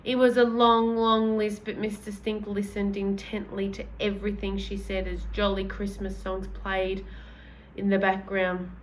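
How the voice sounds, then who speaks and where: A woman's voice: medium pitch, flat delivery, a little slow, a little hiss or hum, poor audio. Woman reading a children's book aloud. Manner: casual, corrects own slips aloud. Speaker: reader.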